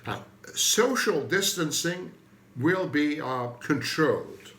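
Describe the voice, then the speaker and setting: Comic man, rambling self-mocking monologue, very animated pitch, roomy echo at home. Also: slow. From Turkey. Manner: digressive, self-mocking, jokey asides. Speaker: comedy host.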